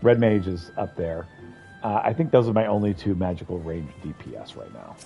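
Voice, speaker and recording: A man's voice: deep voice, animated, normal speed, creaky, lo-fi sound, faint music behind. A man streaming a video game, chatting casually and thinking aloud as he rambles through it. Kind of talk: casual gameplay commentary.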